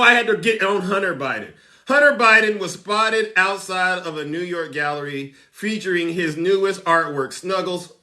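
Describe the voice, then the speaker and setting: A man's voice: high voice, pushed and bright. A man hosting a livestream, giving sarcastic political commentary with theatrical mock outrage and chats to viewers. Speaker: livestream host.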